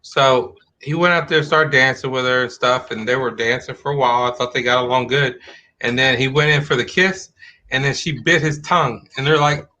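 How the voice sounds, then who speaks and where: A man's voice: mid-range voice, steady tone, brisk, sharp tone, slight background noise. A man co-hosting a podcast in casual chat, tossing out jokes and rambling anecdotes. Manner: joking one-liners and rambling anecdotes. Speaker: podcast co-host.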